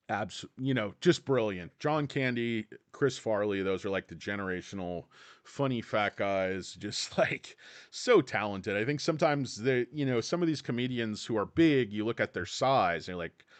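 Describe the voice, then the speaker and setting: A man's voice: on the low side, lively intonation, measured pace, no echo. A man hosting a casual stock-market livestream, rambling and joking as he talks straight to his chat.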